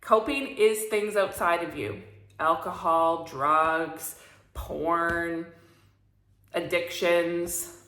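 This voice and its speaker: A woman's voice: fairly low pitch, fairly even intonation, drawn-out words, fairly bright tone, reverberant. A woman coaching listeners in a motivational talk, emphatic and preachy, with free swearing. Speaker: spiritual coach.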